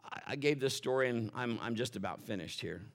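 A man's voice: mid-range voice, a little fast. A male pastor preaching a sermon to a congregation in church, telling stories and often repeating words as he restarts. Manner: animated preaching with storytelling asides. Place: church service before a congregation.

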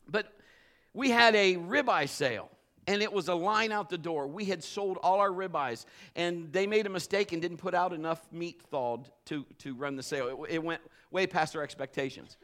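A man preaching and telling a personal story, animated, swinging from shouts to hushed storytelling. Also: sits high, normal speed. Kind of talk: sermon with personal testimony.

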